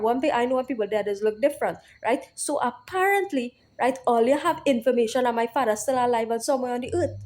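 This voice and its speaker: A woman's voice: fairly high pitch, a little mellow. A woman delivering an angry venting monologue, repetitive and emphatic with profanity, who keeps asking "right?".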